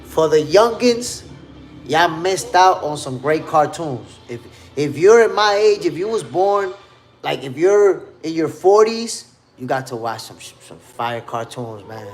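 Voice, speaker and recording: A man in his fifties hosts a live stream in a loose, slangy, animated way. He reminisces eagerly while answering the chat, and his voice sits a bit high for a man. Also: a little slow. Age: 50s. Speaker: boxing podcast host.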